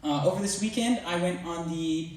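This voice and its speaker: A man's voice: a little high, moderate pace, background noise. A teenage boy speaking to a church youth group, casual and rambling, with lots of fillers. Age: teens. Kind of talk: youth talk with playful retold dialogue. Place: large church hall. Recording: echoey hall, mic from a distance.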